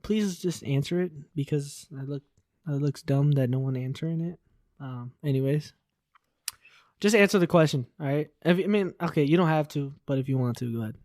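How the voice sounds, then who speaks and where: Young man, podcast co-host, high-pitched, teasing, rambling casual chat, dry recording. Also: brisk, darkish tone, dry recording.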